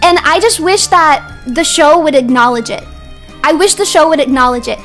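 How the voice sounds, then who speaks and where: A young woman streaming, ranting heatedly about characters in a casual way and sometimes rising to shouts. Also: high-pitched, moderate pace, faint music behind. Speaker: vtuber streamer.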